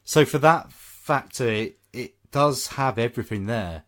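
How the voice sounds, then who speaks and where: A man's voice: medium pitch, a little slow. A man co-hosting a film podcast, chatting casually and reading out a scripted review, with plenty of ums. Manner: animated, with lots of ums and laughs.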